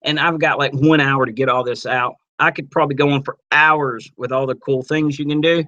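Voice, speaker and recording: A man teaching a webinar on network marketing, casual and energetic, acting out little sales dialogues as he goes. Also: medium pitch, brisk, highs cut off. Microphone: computer mic on a webinar.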